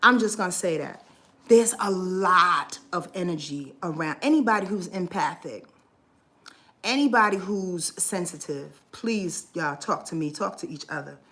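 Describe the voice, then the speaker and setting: A woman's voice: lowish voice, lively intonation, a little slow, a bit bright. A woman astrology vlogger talking in a heartfelt, rambling monologue, earnest and swearing freely, emotional and close to tears at times.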